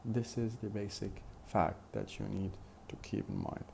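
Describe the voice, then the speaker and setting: In a steady tone, a man with a deep, gravelly, mellow voice works through a phonetics lecture slowly and with care. He often pauses on "uh" and says his examples again. The recording carries a faint hiss in the background.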